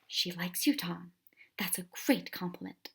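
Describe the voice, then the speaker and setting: A woman voicing a kindly older male professor who speaks in a grave, breathy half-whisper. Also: on the low side, measured pace, a bit bright, full character voice. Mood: grave hushed.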